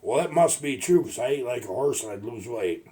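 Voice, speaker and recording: In a casual vlog, a retired logger turned video maker spins meandering folksy tales, frequently starting over mid-thought. He sounds animated and a little fast, with a mid-range, husky voice and a dark tone.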